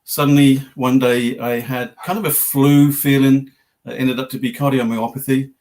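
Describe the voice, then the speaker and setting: A man's voice: medium pitch, fairly even intonation, normal speed, a little mellow. A man with an English accent, a guest on a talk show, telling his story casually with a joking, self-deprecating manner. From England.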